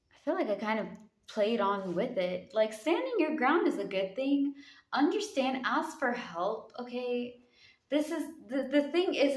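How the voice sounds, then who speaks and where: A woman giving a casual tarot reading in a sassy, slangy way, calling her listeners honey. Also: a little high. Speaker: tarot reader. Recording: echoey room.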